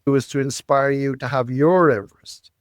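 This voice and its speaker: A man, telling life stories as a podcast guest, animated and repeating words, often tagging lines with "right?". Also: mid-range voice, normal speed, no echo, studio quality. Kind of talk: storytelling interview.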